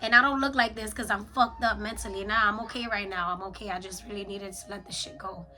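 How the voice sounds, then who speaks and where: A woman talks in a raw confessional voice journal. She is blunt and slangy, swears heavily, and her pitch sits in a middle range. Music plays clearly behind her. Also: steady tone, fast, bright, forceful tone, low-quality recording. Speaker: vlogger.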